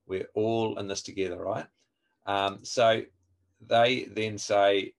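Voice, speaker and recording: A man's voice: lowish voice, steady tone, slow pace, vocal fry. A man training people in a live online webinar, explaining step by step and quizzing his listeners. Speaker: evangelism trainer.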